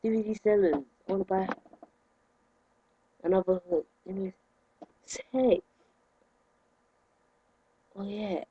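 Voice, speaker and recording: A young man, ranting indignantly to his camera in a vlog, with sudden loud outbursts. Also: high voice, fairly even intonation, takes it slowly, long pauses, breathy edge, dull audio. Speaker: vlogger.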